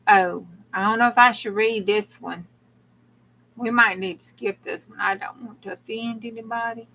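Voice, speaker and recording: A woman's voice: on the high side, steady tone, a little slow, creaky, a bit bright, rough recording. A woman, a crafting channel host who reads old rhymes aloud with dramatic gasps and exclamations between verses.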